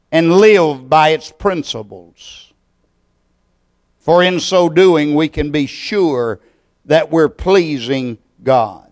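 A man preaching a sermon and leading a prayer, with a deliberate, measured delivery full of pauses. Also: a little high. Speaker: pastor.

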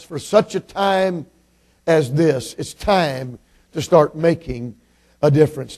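A man from Illinois preaching a Baptist sermon in a slightly raised, mellow voice. He drops to soft, low-key remarks, then climbs into loud, emphatic scripture reading and exhortation. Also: a little slow. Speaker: visiting preacher.

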